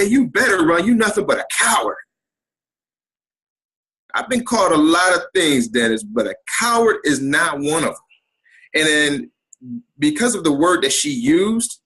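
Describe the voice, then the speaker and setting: Husky man telling a personal story. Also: a little high, poor audio. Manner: animated, acts out the people in his story. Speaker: interview guest.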